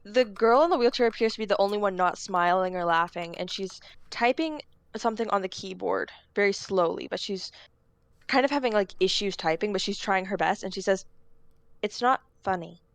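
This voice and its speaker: A woman's voice: medium pitch, brisk, clean tone, dry recording. A woman narrating as game master in a tabletop game, rambling with lots of fillers.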